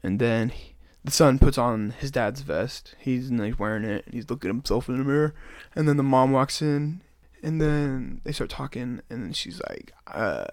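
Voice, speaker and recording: A man's voice: mid-range voice, normal speed, hardly any pauses, no room sound, studio quality. A young man on a podcast, retelling a story in a rambling, casual way with many "like"s. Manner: rambling retelling, heavy use of "like". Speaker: podcast co-host.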